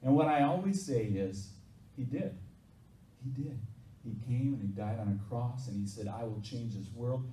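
A pastor with a medium-pitched, dark-toned voice preaches a sermon at normal speed, conversationally asking the congregation questions. The recording is from an echoey hall, with a distant mic and faint noise.

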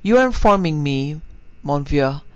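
A man voicing a small, confident older French gentleman with courteous, formal speech. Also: on the high side, steady tone, moderate pace, vocal fry, no echo, lo-fi sound.

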